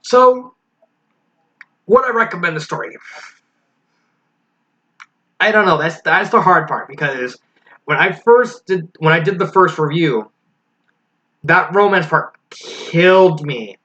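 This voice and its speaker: A man's voice: fairly high pitch, lively intonation, slow pace, pauses often, pushed and bright. A man giving a casual spoken review of a fan story, frank and critical, thinking aloud as he goes. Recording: slightly dull lo-fi recording with faint hiss.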